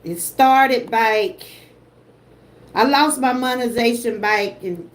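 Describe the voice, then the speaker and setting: Slow-talking emotional Southern woman host. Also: a little high, a little hiss or hum. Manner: emotional, effusive, Southern phrasing with y'all. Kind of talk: casual livestream chat.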